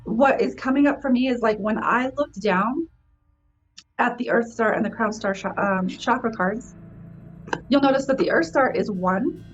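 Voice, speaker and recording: A young woman reading oracle cards in a casual chat, enthusiastic and quick to exclaim. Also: a little high, highs cut off, soft background music. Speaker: co-host, card reader.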